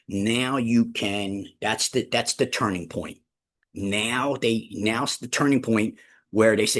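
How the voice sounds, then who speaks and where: A man leading a real estate team meeting, emphatic and repetitive, often addressing the room as ladies and gentlemen. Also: lowish voice, unhurried. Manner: emphatic, repeats key phrases, addresses listeners as ladies and gentlemen. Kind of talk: motivational team meeting talk.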